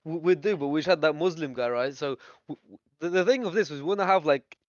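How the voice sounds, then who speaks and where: A man's voice: a little high, fast talker, dry recording. A man hosting a casual voice-chat discussion, teasing and stumbling over restarts. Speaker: discussion host. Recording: muffled lo-fi voice chat.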